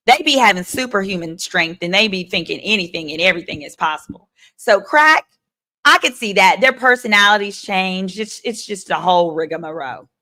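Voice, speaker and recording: A woman attorney hosting a live stream, giving sassy, animated legal commentary and talking straight to her viewers. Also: medium pitch.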